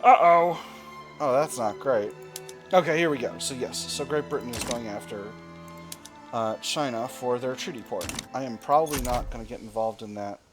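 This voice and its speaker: A man's voice: mid-range voice, normal speed, over music. A man commenting on a strategy game he is playing, thinking aloud with dry, wry asides. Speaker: gaming video host.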